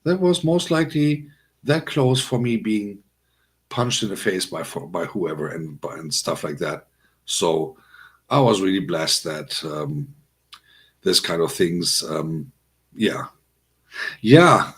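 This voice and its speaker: A man's voice: deep voice, expressive, slow, pauses often, fairly bright tone. A man hosting a casual livestream, talking to his chat in a rambling, chatty way with many fillers. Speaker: livestream host.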